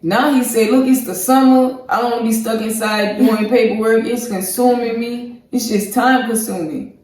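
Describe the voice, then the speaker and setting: A man recapping a reality episode in loose, slangy speech, jumping into the people's voices as he tells it. He sits back from the mic in a room that rings with heavy echo. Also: high voice. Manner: slangy, animated, acts out quotes from the show. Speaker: reaction show co-host. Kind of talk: casual recap and commentary. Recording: very echoey room, voice far from the mic.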